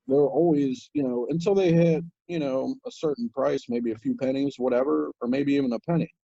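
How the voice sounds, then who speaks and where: A man with a husky, mellow voice talks in a relaxed, rambling way, full of "um"s and restarts. The sound is dry and a bit muffled, like a video call. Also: medium pitch, dry recording. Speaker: guest crypto commentator. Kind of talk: casual chat.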